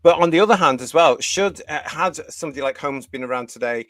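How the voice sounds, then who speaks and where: A man's voice: a little high, quick pace, dry recording. A man from the United Kingdom hosting a live fan review show, reading viewer comments and ranting with strong opinions.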